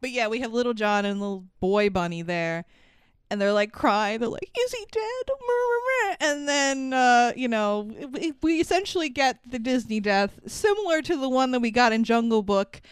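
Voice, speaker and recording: A woman's voice: on the high side, expressive, moderate pace, clear, resonant tone, dry recording. A woman co-hosting a podcast, casually recapping a movie, laughing often and swearing while acting out bits in quotes. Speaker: podcast co-host.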